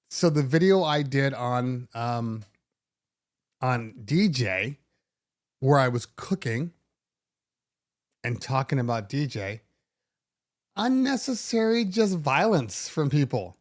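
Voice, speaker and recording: A middle-aged man hosting a DJ podcast, talking casually in an animated, sarcastic way with many restarts. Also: medium pitch, measured pace, pauses often. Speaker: DJ podcast host. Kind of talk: casual monologue.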